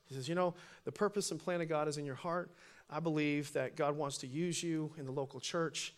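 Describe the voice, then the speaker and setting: High-voiced pastor preaching a story. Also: male voice, a little fast. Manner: animated storytelling, voice swelling loud for emphasis. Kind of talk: sermon with personal story.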